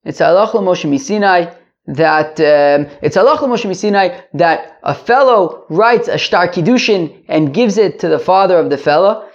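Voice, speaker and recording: A man's voice: high voice, animated, moderate pace, highs cut off. A man giving a daily Talmud lesson, explaining step by step and repeating phrases with rhetorical questions. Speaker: Talmud teacher.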